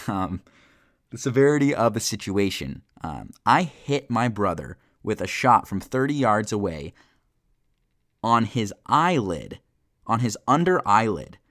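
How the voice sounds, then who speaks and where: A young man with a fairly low voice tells a childhood story on his podcast. He speaks casually, with lots of fillers. He acts out quotes with animated energy. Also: unhurried. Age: young adult. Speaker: podcast host.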